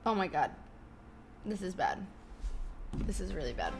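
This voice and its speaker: A woman's voice: fairly low pitch, very animated, a little slow, gravelly. A young woman chatting casually on a live stream from her bedroom, swearing and thanking subscribers while fighting hiccups. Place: home bedroom.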